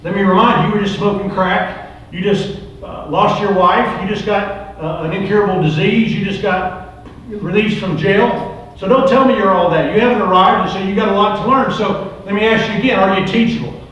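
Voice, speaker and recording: Middle-aged guy preaching, keeps repeating himself, high voice, big echo, faint hiss. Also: brisk, fairly bright tone, dull audio. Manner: preacherly, rhetorical questions and repetition. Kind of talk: recovery ministry sermon. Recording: very echoey room, distant mic.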